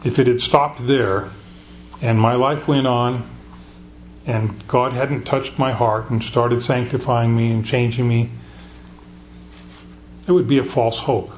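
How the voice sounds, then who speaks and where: A man's voice: mid-range voice, steady tone, slow pace, long pauses, highs cut off, slight background noise. A middle-aged man preaching a conversational sermon, often restarting his sentences. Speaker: pastor.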